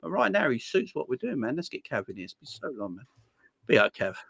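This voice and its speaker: A man's voice: mid-range voice, very animated, fairly quick, vocal fry, fairly bright tone, slightly rough, dry recording. A man hosting a casual live chat, reading viewer comments aloud, laughing often and calling people "my friend.". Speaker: livestream host.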